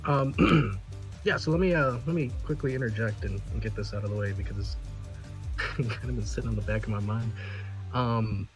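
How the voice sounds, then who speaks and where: A man's voice: on the low side, moderate pace, faint music behind. A man on a podcast, telling a story in casual chat, often laughing and swearing, with many restarts. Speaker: podcast regular.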